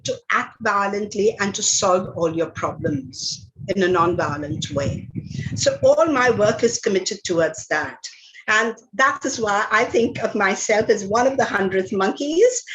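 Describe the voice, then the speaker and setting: Woman lecturer, unhurried, reads a story aloud with big dramatic voice changes; a bit high. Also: a little hiss or hum, rough recording. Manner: dramatic, expressive read-aloud with big pitch leaps.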